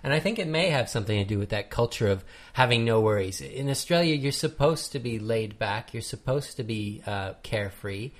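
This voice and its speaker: A man's voice: medium pitch, expressive, fairly quick, hardly any pauses. A man in a middle register co-hosts a casual podcast. He reads out listener emails and adds dry, wry remarks along the way. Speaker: podcast co-host.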